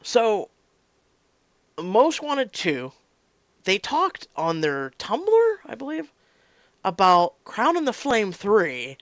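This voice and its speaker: Game recap vlogger, ranting, swears, lively pitch, dry close sound. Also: slow, pauses often, dry recording. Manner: animated, exasperated, swears freely. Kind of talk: casual ranting commentary.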